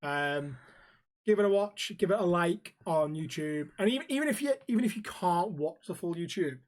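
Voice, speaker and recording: A man's voice: high-pitched, expressive, normal speed. A man co-hosting a casual podcast, joking crudely and swearing freely. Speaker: podcast co-host.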